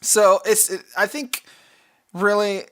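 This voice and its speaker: A man's voice: sits high, level tone, takes it slowly, fairly bright tone. A man co-hosting a podcast, talking through soccer picks in a rambling way, with many fillers and restarts. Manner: rambling, self-correcting, frequent fillers. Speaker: podcast co-host. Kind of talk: casual chat about soccer picks.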